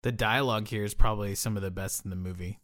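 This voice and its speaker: A young man co-hosting a podcast, talking about a film in a low-key, mumbled way. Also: steady tone, quick pace, fairly bright tone, no echo, clean studio sound. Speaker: podcast co-host. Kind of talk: casual film discussion.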